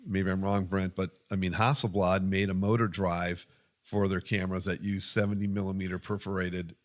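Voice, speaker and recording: Guest guy explaining stuff, lots of ums, low voice. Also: flat delivery, moderate pace, a bit bright. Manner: explanatory, hesitant fillers. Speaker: guest from a camera dealer. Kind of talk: casual chat.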